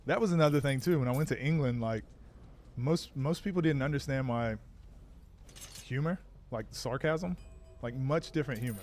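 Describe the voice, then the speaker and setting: A man's voice: medium pitch, normal speed, darkish tone, slight background noise. An American man chatting casually on a live stream, answering chat while he plays a game. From United States.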